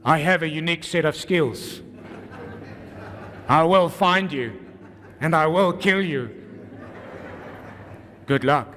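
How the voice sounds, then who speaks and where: A South African man putting on a slow, threatening action-movie hero voice in a sermon, recorded with long church-hall reverb. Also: fairly bright tone. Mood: menacing. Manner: low, slow, threatening delivery.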